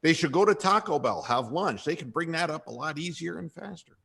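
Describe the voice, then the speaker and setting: A man's voice: on the high side, expressive, brisk, creaky, a bit bright, breathy edge. A man hosting a comedic sports talk radio show, sardonic and irreverent, with frequent sighs.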